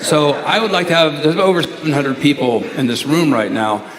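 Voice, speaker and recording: A man's voice: fairly high pitch, moderate pace, a crowd in the background. A man from Ohio gives a talk to a large live audience, telling stories with chuckles and hesitations. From USA (Ohio). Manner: chuckling, rambling storyteller with hesitations. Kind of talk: anecdotal lecture to a live audience. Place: large lecture hall with hundreds of people. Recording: noisy live talk recording.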